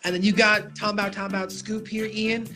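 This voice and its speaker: A podcast co-host doing a hypey, joking sponsor read in a mid-pitched voice. Music plays clearly behind the talk. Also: little pitch movement, normal speed, sharp tone.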